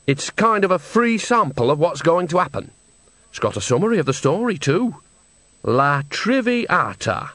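A man's voice: on the high side, very animated, a bit bright, no echo, voice pushed up. A man putting on a chatty old country witch. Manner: cheerful, gossipy, talks in rapid asides.

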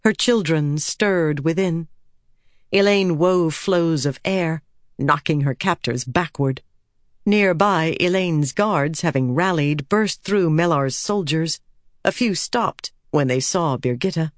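A woman reads a fantasy audiobook in a measured, steady voice that sits a little low. The recording is close and dry, with no room sound. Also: no room sound. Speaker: audiobook narrator. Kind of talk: scripted narration.

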